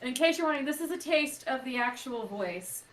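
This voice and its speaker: A woman co-hosting a charity podcast livestream, giggly and excitable with quick jokey asides. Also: high-pitched, slight background noise. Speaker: podcast co-host on a charity stream. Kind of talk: casual livestream chat.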